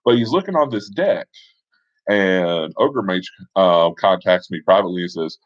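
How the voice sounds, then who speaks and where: Deep-voiced guy rambling through a d&d story, chill, kinda muffled dry audio. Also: normal speed, no echo. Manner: relaxed, conversational, with fillers and asides. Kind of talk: casual spoken storytelling.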